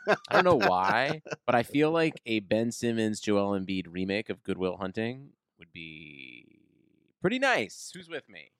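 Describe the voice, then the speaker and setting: Playful male podcast co-host, animated pitch, dry close sound. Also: a little slow, smooth, no room sound. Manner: playful, riffs on jokes. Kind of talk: casual chat.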